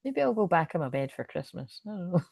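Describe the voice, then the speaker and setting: A woman's voice: on the low side, big pitch swings, fast talker, creaky, darkish tone, breathy edge, dry recording, clean studio sound. A young woman giving a casual, rambling oracle card reading, laughing often and swearing casually. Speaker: spiritual reader and coach.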